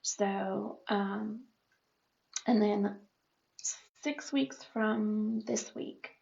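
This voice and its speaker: A woman's voice: mid-range voice, very slow, vocal fry, a little mellow, muffled recording. A woman in her fifties, talking candidly in a chatty personal vlog update. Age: 50s. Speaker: vlogger.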